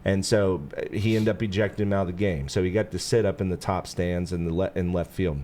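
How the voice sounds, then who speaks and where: A man's voice: sits low, quick pace, slight background noise. A man hosting a casual chat, telling a long story with lots of fillers and acting out the quotes. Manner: animated storyteller, acts out quotes in bursts; relaxed, lots of "you know" fillers. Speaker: podcast host.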